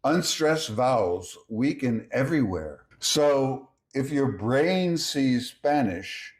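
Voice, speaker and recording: A man teaching a language lesson, reading example words slowly one at a time in a measured way. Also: medium pitch, animated. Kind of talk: slow scripted language lesson.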